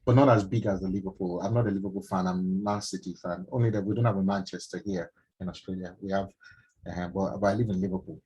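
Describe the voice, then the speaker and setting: A middle-aged Nigerian man with a Nigerian accent, a doctor telling a personal story to an online audience in an emphatic, animated way. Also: low-pitched, fast talker, breathy edge, rough recording. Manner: emphatic, animated, addresses listeners directly. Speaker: doctor and mentorship speaker. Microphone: online stream from home.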